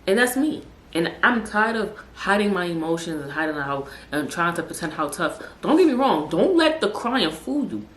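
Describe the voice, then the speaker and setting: A woman's voice: lowish voice, very animated, moderate pace, hardly any pauses. A young woman hosting a podcast, talking in a casual, emphatic monologue, repeating words for stress and dropping in street slang. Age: young adult. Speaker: podcast host. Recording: echoey room with faint background hum.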